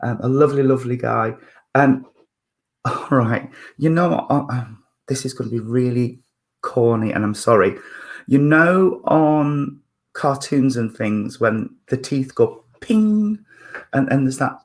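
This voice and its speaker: A man working as a spiritualist medium at a church service, talking gently and hesitantly with many fillers, restarts and apologies. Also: mid-range voice, animated, a little slow.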